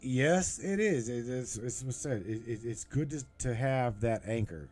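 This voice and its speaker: A man hosting a casual call-in show at a mid-range pitch. He talks emphatically, curses freely, and his energy swings between low, quiet stretches and sudden excited bursts. Faint music plays softly behind him. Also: a little slow. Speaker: host.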